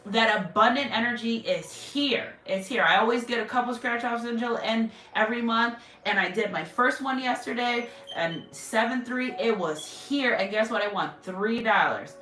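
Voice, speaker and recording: A woman's voice: fairly high pitch, normal speed, hardly any pauses, bright, forceful tone. A woman who reads tarot, talking in a casual, rambling and heartfelt way about spiritual messages, with many fillers and restarts. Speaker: tarot reader. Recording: roomy echo, distant mic, faint music.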